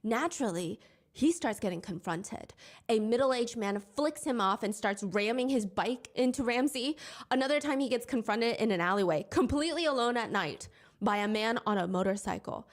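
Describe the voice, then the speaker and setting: A woman's voice: a little high, animated, moderate pace. A young woman narrating a commentary video in a conversational, wry tone with incredulous asides. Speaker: commentary YouTuber. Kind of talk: storytelling commentary.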